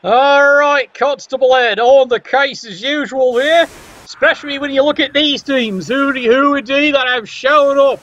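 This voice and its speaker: A man's voice: extremely high pitch, normal speed, a bit bright, muffled recording, a little hiss or hum. A man commentating a tabletop sports game with wry, sarcastic asides.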